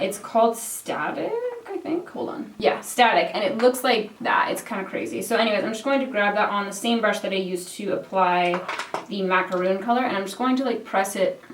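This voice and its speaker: This young Canadian woman in her twenties is a beauty vlogger, talking casually over her makeup routine with plenty of fillers and casual cursing. Her pitch is medium. She's far from the microphone, which gives the recording a roomy feel.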